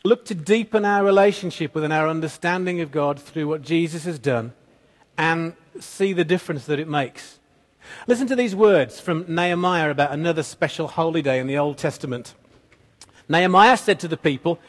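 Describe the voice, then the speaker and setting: A man preaching in a relaxed, conversational way, easing into his point through a gently funny story. His voice sits somewhat high for a man. A long reverb from the church hall trails after every phrase. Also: normal speed. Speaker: pastor. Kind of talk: sermon.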